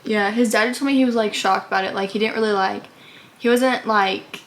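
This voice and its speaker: Her voice mid-range and fairly even, a young woman briskly rambles through a personal story for her casual vlog. Expect plenty of "like" fillers and acted-out versions of what people told her.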